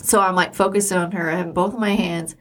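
A woman's voice: fairly low pitch, fairly even intonation, fairly quick. A middle-aged woman co-hosting a podcast, telling personal stories candidly and with emotion. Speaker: podcast co-host. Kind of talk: casual chat.

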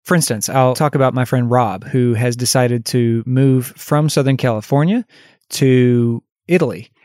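A man's voice: medium pitch, moderate pace, darkish tone, dry recording. Candid man coaching in a dry, close voice. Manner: conversational and candid, laughs at himself; lifts his voice when acting out example phrases. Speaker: life coach and podcast host. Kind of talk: solo podcast monologue.

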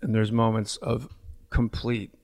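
A comedian from New Jersey, a man, is a guest on a casual podcast chat. His voice is lowish and darkish with a flat delivery, a little slow, and his talk rambles in a crude, frank way.

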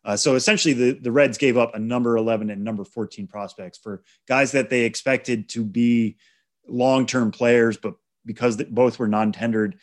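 A man co-hosting a sports podcast, calmly walking through prospect trades and statistics. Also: medium pitch. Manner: measured, stat-heavy explaining. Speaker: podcast co-host. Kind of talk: casual sports chat.

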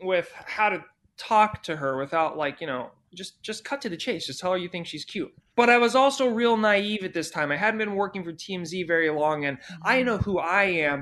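In a podcast studio, a male guest with a somewhat high, fairly bright voice tells a story at a moderate pace. He's loose and casual, swearing a lot and packing his speech with fillers.

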